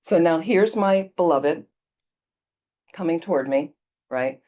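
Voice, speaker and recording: A woman's voice: low-pitched, slow pace, muffled recording. A woman Buddhist teacher giving a casual dharma talk, telling stories conversationally and checking in with her listeners. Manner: conversational storytelling, checks in with "okay?".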